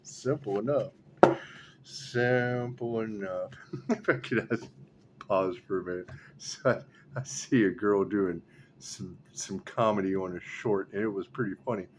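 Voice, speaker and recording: A tarot reader delivers solo spiritual commentary at a moderate pace, excitable and repetitive. He swings between low mutters and loud exclamations, swearing casually, over slight background noise.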